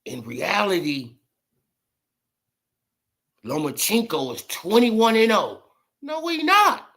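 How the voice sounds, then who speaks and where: A man's voice: very high-pitched, huge pitch swings, measured pace, a bit bright. A man giving casual boxing commentary in an emphatic, repetitive, slangy way.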